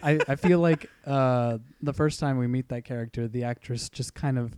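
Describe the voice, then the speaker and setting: A man in casual chat, making wry, deadpan remarks about a movie. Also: medium pitch, normal speed, clean tone, dry recording.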